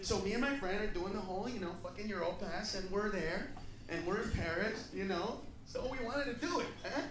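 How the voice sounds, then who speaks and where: A man doing stand-up comedy, loud and profane, acting out other people in shouted put-on voices. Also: high voice, fairly quick, distant mic. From United States. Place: comedy club stage. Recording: echoey venue, crowd laughter, loud noise.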